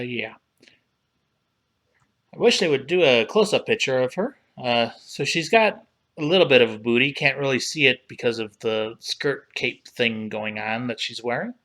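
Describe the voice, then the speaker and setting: Male streamer, drawn-out delivery, casual browse-and-chat tone, mid pitch. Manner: relaxed, unhurried, talks while browsing and reading aloud. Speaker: livestream host reviewing collectible figures. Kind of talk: casual livestream commentary.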